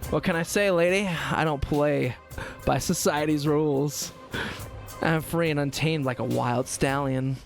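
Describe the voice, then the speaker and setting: Woman playing a swaggering young male elf lead, brash delivery, soft music behind. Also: deep voice, a little slow, gravelly.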